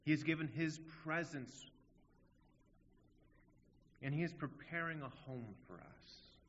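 A man's voice: medium pitch, fairly bright tone, a little hiss or hum. A man preaching a sermon in an earnest, emphatic way, asking rhetorical questions. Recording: dull audio in a long-reverb hall.

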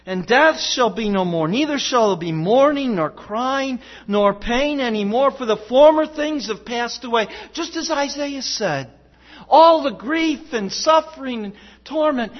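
A man preaching a sermon as pastor, emphatic and rhetorical, swinging between loud declarations and hushed passages. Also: extremely high pitch, expressive, a little slow, dull audio.

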